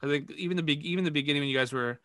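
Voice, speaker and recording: A man's voice: a little high, racing, pushed and bright, no room sound, studio quality. A man on a podcast, coaching improv in a rambling, casual way with lots of fillers.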